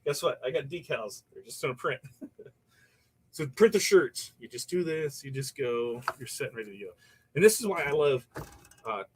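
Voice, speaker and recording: A man's voice: medium pitch, expressive, moderate pace, husky, low-quality recording. A man hosting a casual livestream from his workshop, rambling through viewer comments and stories with frequent laughs. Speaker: livestream host. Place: workshop while pressing shirts.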